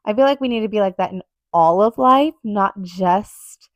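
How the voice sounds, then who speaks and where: A woman's voice: mid-range voice, normal speed, dry recording, dull audio. Earnest woman podcaster, dry close sound. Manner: earnest and emphatic, rambling with fillers. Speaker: podcast host. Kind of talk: solo podcast monologue.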